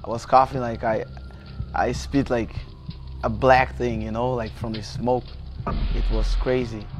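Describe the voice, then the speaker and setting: A man in his thirties with a Brazilian Portuguese accent tells a personal story in an interview, halting and restarting, with many fillers. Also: medium pitch, little pitch movement, faint music behind. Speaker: jiu-jitsu athlete.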